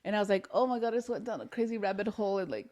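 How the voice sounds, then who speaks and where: A young woman co-hosting a podcast, telling a personal story in a candid, animated way, with many restarts and the odd Spanish word. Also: medium pitch, rapid-fire. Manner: animated, restarts often, mixes in Spanish words. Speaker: podcast co-host.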